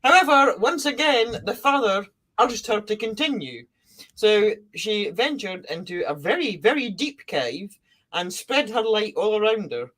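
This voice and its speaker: A woman co-hosting a casual podcast, telling an old legend in her own words. She is playful and chatty, with a bright, clear tone. Her pitch jumps around a great deal as she goes. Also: very animated, a little slow. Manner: playful, breaks into silly character voices. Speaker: podcast co-host telling a myth. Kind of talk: casual storytelling chat.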